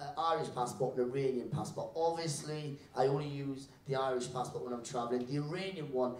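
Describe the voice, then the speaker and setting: A man doing live stand-up crowd work, teasing the audience with brisk, playful banter and repeating his own catchphrases. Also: medium pitch, noisy background. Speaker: stand-up comedian. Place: live comedy venue on stage. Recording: echoey live room, mic at a distance.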